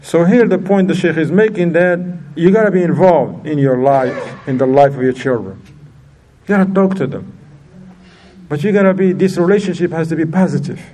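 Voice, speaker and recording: In a warm, fairly high voice, a religious teacher leads a relaxed, talkative lesson, drawing his listeners in with questions. The mic is placed some distance away.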